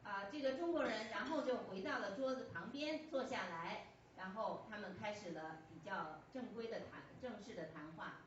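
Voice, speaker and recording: A woman with a medium-pitched voice interprets a sermon phrase by phrase at normal speed, hesitating with fillers and restarting as she goes. The sound is echoey and dull, from a distant mic in a church hall with a faint hum.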